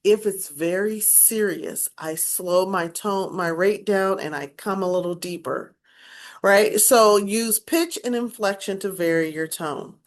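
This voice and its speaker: A woman's voice: mid-range voice, measured pace. A woman speech instructor giving a recorded class lecture, explaining and demonstrating points with emphatic, varied inflection.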